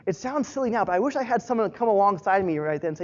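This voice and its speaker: A man's voice: sits high, very animated, fairly quick, darkish tone, breathy edge, highs cut off. A man in his thirties preaching a sermon, earnest and encouraging as a pastor.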